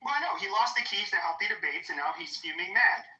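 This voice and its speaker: A woman's voice: medium pitch, animated, fast talker, pushed and bright, dull audio. Combative, profane woman ranting in an echoey chat room. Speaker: host. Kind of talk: heated social audio room rant. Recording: roomy echo, online audio chat.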